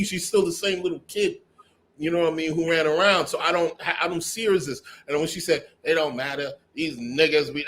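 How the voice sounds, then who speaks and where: A man talks emphatically on a casual podcast, swearing often. His voice sits a bit high for a man. He keeps coming back to "you know what I mean.". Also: a bit bright, a little hiss or hum.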